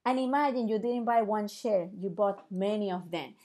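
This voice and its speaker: A woman with a mid-range voice teaches in a casual explainer style at normal speed. She's animated, poses rhetorical questions, and acts out little dialogues.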